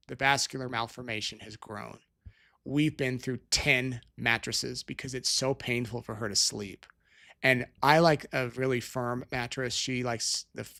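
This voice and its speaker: A middle-aged man hosts a live stream in a loose, casual chat. He rambles, restarts sentences and wanders off on tangents while answering viewer questions. His voice sits at an ordinary middle pitch. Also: a bit bright. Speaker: show host. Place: Utah.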